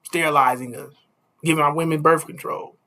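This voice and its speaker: A man's voice: on the high side, fairly even intonation, fairly quick, pushed and bright. A man preaching a casual street sermon, stopping often to ask "you see?" and chuckling between points.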